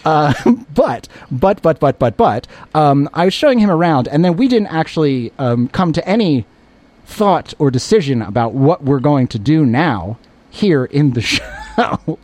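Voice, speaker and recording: A man's voice: fairly high pitch, expressive, measured pace, darkish tone, no room sound. A male radio host in a studio, joking and bantering playfully with a co-host, often stumbling over his words. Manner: playful, self-mocking, stumbling restarts.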